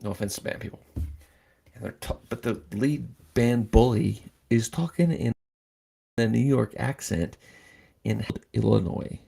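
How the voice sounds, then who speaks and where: A man's voice: mid-range voice, unhurried, creaky, dark tone, breathy edge. A man hosting a casual livestream chat, talking in a rambling, filler-heavy way. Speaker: host.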